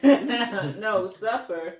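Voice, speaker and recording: A woman's voice: medium pitch, drawn-out words, distant mic. A woman hosting a family mukbang at home, chatting and laughing between bites. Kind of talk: casual family chat while eating. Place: home dining area. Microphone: phone set at a distance. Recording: echoey room, phone mic away from her, faint noise.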